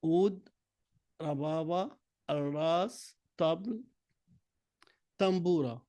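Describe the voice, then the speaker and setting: Reading workbook answers one word at a time, a male teacher with an Egyptian accent and Arabic as his first language drills an English lesson slowly. His pitch is fairly high, his tone mellow, and the sound has no echo.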